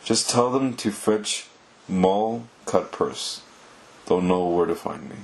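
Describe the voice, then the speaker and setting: A blunt, streetwise woman thief gives a steady warning, as a man reading aloud voices her. The voice stays deep and even, barely changed from the narrator's own. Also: slow pace.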